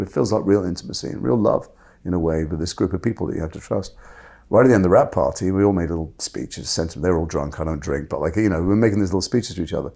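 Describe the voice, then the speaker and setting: A man telling candid stories about his acting work in a fast, animated, self-interrupting way. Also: low-pitched, creaky, slightly rough. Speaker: actor guest. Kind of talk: candid conversational storytelling.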